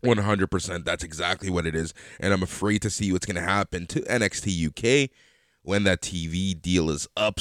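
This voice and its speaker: A man's voice: deep voice, a bit bright, smooth, no echo, studio quality. A man co-hosting a podcast, chatting casually and expressively about a wrestling show, swearing and laughing a lot. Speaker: podcast co-host. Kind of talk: casual wrestling recap chat.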